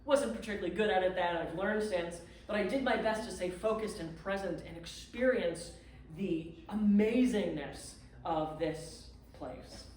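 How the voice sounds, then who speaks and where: A woman's voice: medium pitch, unhurried, a little mellow, a little hiss or hum. A woman guest speaker telling a dramatic, self-mocking story to a live audience at a clubhouse event. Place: community clubhouse event room. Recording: echoey room, far from the mic.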